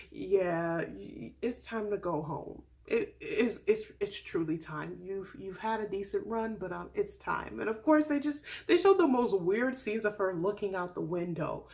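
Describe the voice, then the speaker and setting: A young woman in her twenties gives a casual, sassy recap vlog. She chats quickly and playfully. Her voice sits at a middle pitch, and she drops into mock quotes of other people with plenty of attitude. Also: vocal fry. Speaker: vlogger recapping a reality show.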